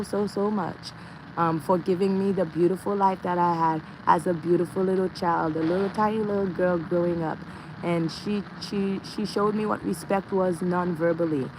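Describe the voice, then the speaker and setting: A woman's voice: on the low side, noisy background. A woman livestreaming, drifting through earnest spiritual musings and repeating her phrases as she answers viewer comments.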